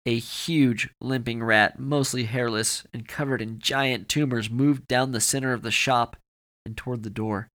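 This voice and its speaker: A man's voice: mid-range voice, steady tone, measured pace, a bit bright. A man narrating a horror story for a podcast with dramatic, varied delivery.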